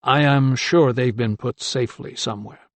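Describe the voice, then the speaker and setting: A man voicing a calm, tactful young male doctor in an audiobook, speaking in a measured way. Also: medium pitch, dry recording, close to an everyday voice.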